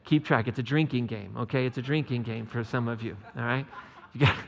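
A man's voice: medium pitch, fairly quick, creaky, in a large hall. A man preaching a conversational sermon, joking with the congregation in chatty asides. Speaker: pastor.

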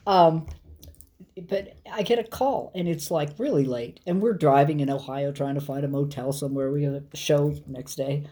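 A woman songwriter telling a story in casual conversation, animated and laughing, with frequent restarts. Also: sits low, moderate pace. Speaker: songwriter and performer, guest.

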